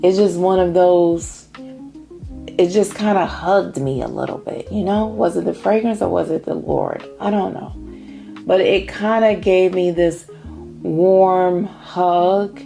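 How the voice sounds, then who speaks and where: A middle-aged woman from Indiana chatting casually about perfumes on her vlog, savoring each scent in drawn-out phrases. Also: on the low side, gravelly, warm tone. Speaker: fragrance vlogger.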